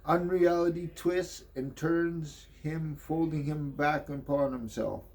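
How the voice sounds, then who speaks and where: Male narrator, easygoing and slow, reads comics with loose commentary. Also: fairly high pitch, steady tone, darkish tone. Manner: slow, offhand, swears and ad-libs. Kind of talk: casual comic reading with commentary.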